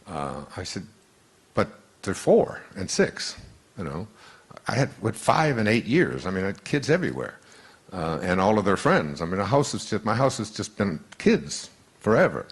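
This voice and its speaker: An older man telling a wry anecdote in a relaxed, chuckling way to an audience. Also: lowish voice, normal speed, breathy edge. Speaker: speaker. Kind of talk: storytelling talk to an audience.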